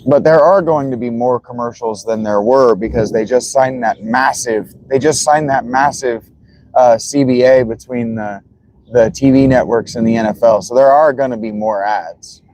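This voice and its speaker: A man's voice: medium pitch, moderate pace, a little mellow, slight background noise. A man streaming live as he watches football, chatting casually and greeting viewers by name.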